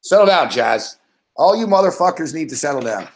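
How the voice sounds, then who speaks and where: A man's voice: fairly high pitch, very animated, brisk. Profane ranting man, echoey room. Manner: profane, rambling storytelling. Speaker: host of a sports betting show. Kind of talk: casual late-night rant to a live chat.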